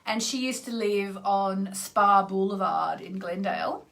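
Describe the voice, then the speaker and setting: A woman from Tasmania, chatting casually on a live stream as an astrologer, greeting viewers by name and clearing her throat now and then. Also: mid-range voice, fairly even intonation, measured pace, a bit bright. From Australia (Tasmania).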